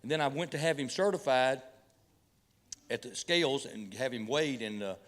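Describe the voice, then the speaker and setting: A middle-aged man with a mid-range voice, a pastor, tells folksy hunting stories at a moderate pace, mixing humor and preaching with many repeats and restarts. It's sermon storytelling at a church hall event, carried by a church PA with long hall reverb.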